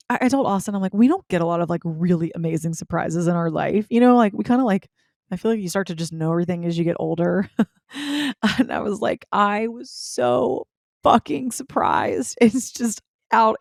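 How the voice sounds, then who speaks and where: Young woman podcast host, lower pitch, casual and animated storyteller, dry close mic. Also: creaky, no room sound. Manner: chatty, animated, filler-heavy with frequent "like".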